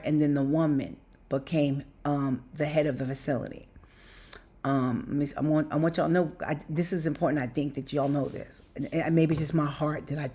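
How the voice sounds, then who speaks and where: A woman's voice: low voice, darkish tone, breathy edge. A woman talking to her viewers in a personal vlog, rambling and emotional, repeating herself and breaking into laughter mid-sentence. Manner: talks straight to viewers as "you guys". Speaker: vlogger.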